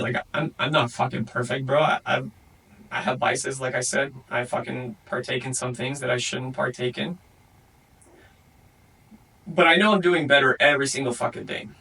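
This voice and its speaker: A man's voice: mid-range voice, pushed and bright, slightly rough, distant mic, poor audio. A young man hosting a podcast and giving a blunt solo motivational talk, swearing constantly and calling the listener bro. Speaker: podcast host.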